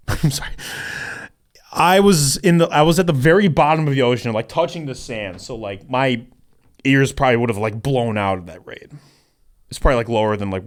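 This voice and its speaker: A man co-hosting a casual podcast, telling a story in a rambling way with lots of fillers, restarts and laughter. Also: medium pitch. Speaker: podcast co-host. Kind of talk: casual chat.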